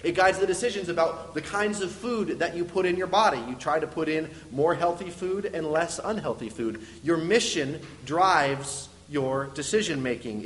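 A man's voice: fairly high pitch, moderate pace, hardly any pauses, a bit bright. A young adult man giving a sermon, speaking earnestly and explaining step by step, with frequent fillers. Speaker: preacher. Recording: long reverb of a large hall.

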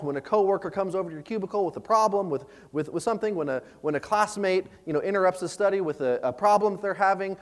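Man, pastor, sermon, conversational, repeats words, high-pitched, long reverb in a church hall.

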